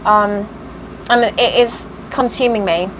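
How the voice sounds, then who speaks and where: A woman's voice: mid-range voice, steady tone, slow, noisy background. A tired woman chatting casually in a vlog update, venting her frustration and getting worked up. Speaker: cross stitch vlogger.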